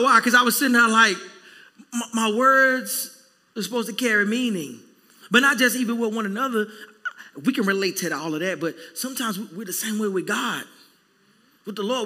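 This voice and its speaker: Male pastor, sermon, animated storyteller; bright forceful tone, reverberant hall. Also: sits high. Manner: animated, acts out everyday dialogue. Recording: long reverb in a church hall.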